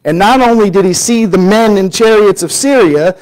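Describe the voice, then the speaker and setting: Man preacher, higher voice, lively sermon delivery that swings between raised quotes and quiet emphasis. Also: normal speed, poor audio. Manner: animated storytelling, acting out quoted voices, drops to a near-whisper for emphasis.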